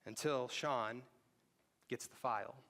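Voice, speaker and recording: A man preaching a sermon as pastor, talking conversationally and dropping to a hushed voice for emphasis. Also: mid-range voice, slow. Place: church sanctuary.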